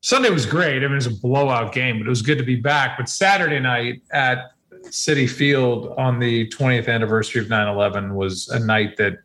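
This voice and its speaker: A man's voice: medium pitch, brisk, a bit bright. Chatty man in a casual podcast chat. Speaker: announcer.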